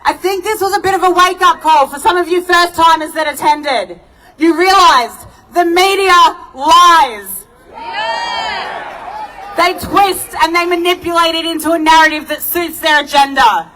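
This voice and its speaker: Female organiser, animated and casual, punching lines out loud to an open-air crowd. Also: extremely high pitch, a little slow, slight background noise, low-quality recording. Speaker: rally organiser and speaker. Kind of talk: outdoor rally speech. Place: outdoor park rally.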